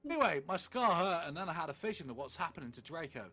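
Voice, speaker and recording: A man reading a fan fiction aloud for laughs, acting out lines in a mock-dramatic way with loud exaggerated quotes and flat asides. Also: a little high, fast talker, soft background music.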